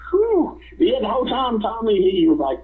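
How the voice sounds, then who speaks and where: A man's voice: sits high, animated, fast talker. A man, a former wrestler and guest, telling rambling stories and laughing often, over a phone line. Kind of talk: casual storytelling.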